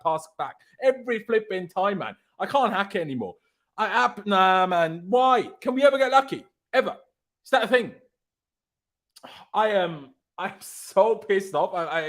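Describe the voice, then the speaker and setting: A man's voice: high-pitched, a bit bright. A man hosting a fan reaction live stream, ranting in outrage.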